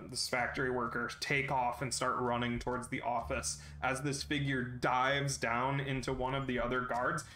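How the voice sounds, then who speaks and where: Guy running a tabletop game, mid voice, faint hiss behind. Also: mid-range voice. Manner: relaxed, with many fillers. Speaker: game master.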